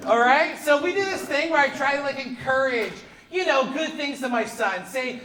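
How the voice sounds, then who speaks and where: A Canadian man in his thirties doing live stand-up comedy on a theater stage, animated and profane, working the crowd and breaking into shouts. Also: very high voice, normal speed, few pauses. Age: 30s. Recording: echoey theater with loud crowd laughter. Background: audience laughter.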